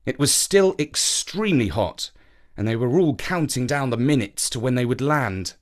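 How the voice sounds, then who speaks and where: A man presenting and reading a children's story aloud, animated and acting out the characters. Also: medium pitch, normal speed.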